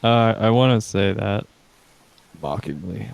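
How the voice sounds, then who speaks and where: A man playing a tabletop game, talking quickly with mocking asides. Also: on the low side, fairly even intonation, creaky, slight background noise, rough recording. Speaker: player. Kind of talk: casual game chat.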